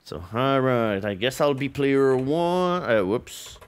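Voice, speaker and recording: Male streamer host, playful and slow-paced, clear voice, laughs a lot. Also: medium pitch, animated. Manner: laughs often, hams up game announcements. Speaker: streamer hosting a game tournament. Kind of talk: casual game commentary.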